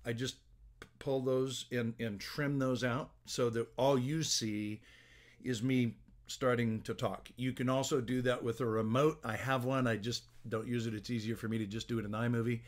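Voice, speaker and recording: Speaking straight to camera from a book-lined home office, a middle-aged business coach offers casual tips on making videos. His ordinary-pitched voice is steady and moderately paced, with a loose, friendly flow full of small restarts and fillers. A small plug-in phone microphone captures the sound.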